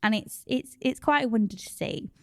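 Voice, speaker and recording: A woman's voice: a little high, normal speed, a little mellow, no room sound. Casual British woman podcast co-host, chatty storyteller who laughs a lot, dry close sound. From Britain. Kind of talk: casual chat.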